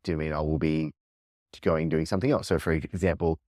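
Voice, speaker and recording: Man in his thirties, podcast host, very low voice, dry close sound, searching, restarts often. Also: steady tone, fairly quick, a little mellow, no room sound. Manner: searching, thinks aloud with many restarts. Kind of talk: reflective conversation.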